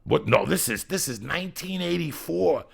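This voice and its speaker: A man's voice: a little high, moderate pace, creaky. A middle-aged man hosting a podcast, telling profane stories in casual chat. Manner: profane, animated storyteller. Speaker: podcast host.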